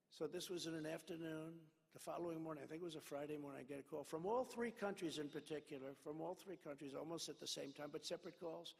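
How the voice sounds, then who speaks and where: A man's voice: on the high side, quick pace, vocal fry. A man giving a rally speech in a large indoor arena, rambling through stories and acting out the dialogue. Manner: rambling storytelling that acts out dialogue. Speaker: political speaker at a rally. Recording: long arena reverb.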